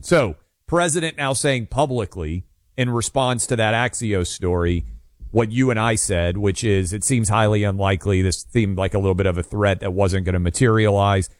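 A man's voice: on the low side, no room sound. Guy co-hosting talk radio, chatty and emphatic, dry close mic. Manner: conversational, emphatic, quick jokes. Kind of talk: casual political radio chat.

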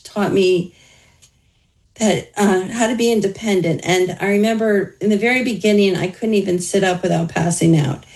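A woman's voice: mid-range voice, darkish tone, poor audio. A woman being interviewed as an author, telling her life story openly in a conversational way, with wry humor. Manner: candid, wry humor, talks through hardship plainly.

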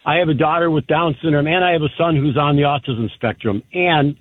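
A man's voice: fairly high pitch, brisk, slightly rough. A man calling in to a radio talk show, proud and grateful as he talks about his family. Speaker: caller. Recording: tinny phone line.

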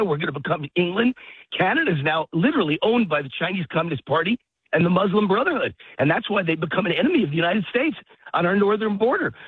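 A man's voice: sits high, breathy edge, no room sound. Breathless man ranting over a tinny phone. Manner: emphatic, heated, repetitive ranting. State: out of breath while walking a dog. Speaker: guest commentator. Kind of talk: phone-in political talk. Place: outdoors in a park. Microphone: phone line. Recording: tinny phone line, dry.

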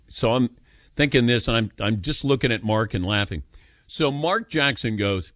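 A man's voice: medium pitch, normal speed, no room sound. Radio host guy telling a story, voice goes up and down a lot, dry close mic. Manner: animated storyteller, chuckles while telling. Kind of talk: call-in radio show storytelling.

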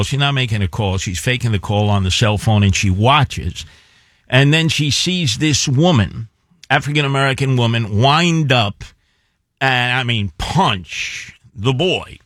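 A man's voice: mid-range voice, lively intonation, unhurried, a bit bright, dry recording, clean studio sound. A man on a talk show, telling a story in a rambling, emphatic way with asides.

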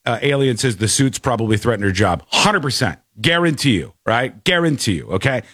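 A man's voice: medium pitch, animated, a little fast, fairly bright tone, no echo, clean studio sound. A man hosting a talk show, commenting in a mocking, exasperated way. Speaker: show host.

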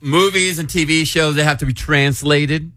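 A man's voice: on the high side, fairly even intonation, moderate pace, bright, forceful tone, dry recording, clean studio sound. A man hosting a morning radio show, breezy, leading the segments and laughing easily. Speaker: radio host. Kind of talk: casual morning radio chat.

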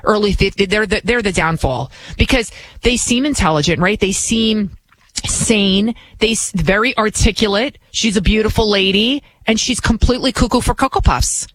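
A woman's voice: mid-range voice, moderate pace, poor audio. Woman filling in on talk radio, opinionated and blunt, fires off her takes. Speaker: fill-in radio host.

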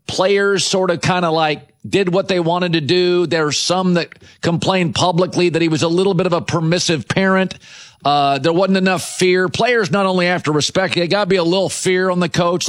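A somewhat high-pitched man hosting a sports talk show. He talks in an emphatic, conversational way, firing off rhetorical questions and quick asides as he argues his point. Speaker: sports radio host. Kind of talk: opinionated sports talk monologue.

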